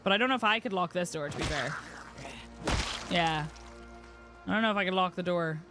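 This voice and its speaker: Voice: medium pitch, fairly quick, over music. A streamer from the UK giving wry, muttering running commentary while playing a game. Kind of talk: casual gameplay commentary.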